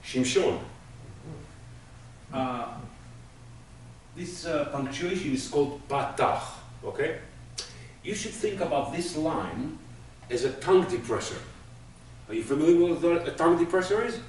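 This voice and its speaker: A man's voice: a little high, expressive, a little slow, pauses often, darkish tone. A man teaching a class, patiently explaining with everyday examples. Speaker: Hebrew teacher. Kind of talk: classroom lesson. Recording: echoey room from far off, faint noise.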